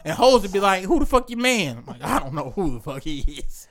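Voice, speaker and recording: A man's voice: high-pitched, very animated, fairly quick, a bit bright. A man in his late thirties in casual, profane chat, joking and laughing often. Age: late 30s.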